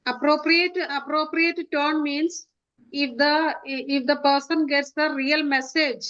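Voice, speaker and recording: A woman's voice: high-pitched, level tone, takes it slowly, a bit bright, lo-fi sound. A woman taking part in a training session, giving short answers. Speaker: training participant.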